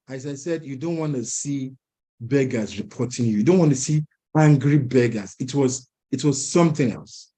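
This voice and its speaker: Young man telling an animated story. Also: mid-range voice. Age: young adult. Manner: animated, chuckling, acts out other people's lines. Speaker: speaker at an entrepreneurs' event. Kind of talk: personal storytelling talk.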